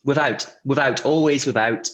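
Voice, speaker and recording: A man talking casually as an interview guest, relaxed and chatty, with many fillers and restarts. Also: mid-range voice, normal speed. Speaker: guest, insurance technology vendor.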